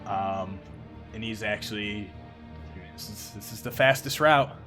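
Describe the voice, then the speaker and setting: A man narrating as game master of a tabletop game, casual and halting, with many fillers. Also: lowish voice, music in the background.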